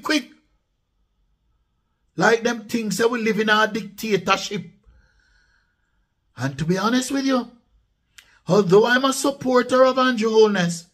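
A man's voice: very high-pitched, a bit bright. A man with a Jamaican accent giving emphatic political commentary in a casual vlog, dropping into patois and repeating points for stress. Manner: emphatic, repetitive, mixes patois into speech.

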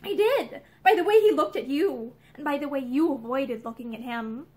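A woman's voice: high voice, normal speed, darkish tone, lightly acted. A woman reading aloud and voicing a playful, knowing young woman who teases her friend. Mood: teasing.

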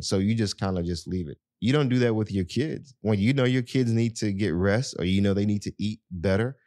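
A man's voice: lowish voice, fairly quick, hardly any pauses, mellow, dry recording, clean studio sound. A man hosting a podcast, talking casually and earnestly to his listeners with lots of "you know". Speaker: podcast host. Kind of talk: casual advice talk to listeners.

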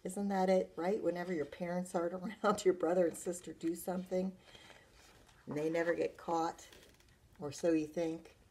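Lower-voiced woman reading a storybook. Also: flat delivery, normal speed, darkish tone, husky. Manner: chatty asides to listeners. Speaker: librarian. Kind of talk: reading a picture book aloud to children.

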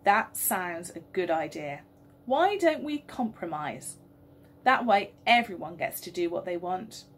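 A woman voicing a bossy father who always thinks he knows best, with a breathy voice. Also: lowish voice, very animated, unhurried, a little hiss or hum. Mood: grumbling. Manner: grumbling, bossy. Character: know-it-all grumbling father.

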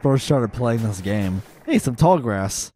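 A man's voice: medium pitch, sing-song, a little slow, warm tone, rough recording. A young man joking around while commenting on a video game with a friend. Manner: playful, jokey, laughs often. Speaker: let's play host. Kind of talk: casual gaming commentary. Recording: game music behind.

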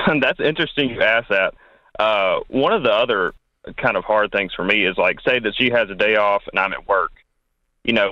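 A man's voice: lowish voice, no room sound. A young man calling in to an advice show, polite and earnest, heard over a phone line. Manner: polite, earnest, says "sir". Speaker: caller. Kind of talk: call-in conversation. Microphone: phone call. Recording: dull phone-line sound.

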